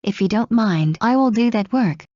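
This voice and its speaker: Woman, slightly high, mellow voice, steady lesson-style phrase reading, muffled lo-fi audio. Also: dry recording. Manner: clear, measured, evenly paced reading. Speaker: English phrase reader. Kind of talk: slow read-aloud phrase drills. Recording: dull lo-fi recording.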